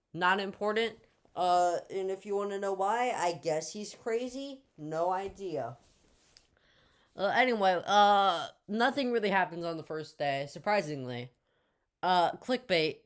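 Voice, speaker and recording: A young woman narrates a casual storytime tale with a fairly low voice for her. She rambles and drops in jokey asides and little fillers as she goes. The telling is loose and chatty. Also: smooth.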